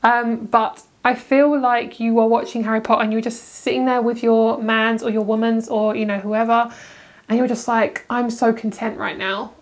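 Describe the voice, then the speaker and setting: A young woman with a British accent reads tarot cards in a loose, chatty way. She gushes and breaks into laughter easily, and her voice sits a little high. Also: moderate pace. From Britain. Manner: gushing, excitable, bursts into laughter. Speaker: tarot reader. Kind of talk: casual tarot card reading.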